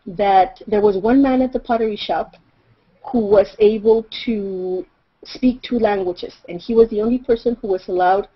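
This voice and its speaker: A middle-aged woman from Mexico with a Mexican accent, whose first language is Spanish, telling a personal story in a reflective way, with fillers and soft laughs. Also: mid-range voice, slightly rough. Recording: slightly dull recording.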